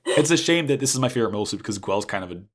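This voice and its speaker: A man's voice: on the low side, animated, racing. A man co-hosting a podcast, recapping an anime in a rambling, casual way, full of "like" and restarts. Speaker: podcast co-host.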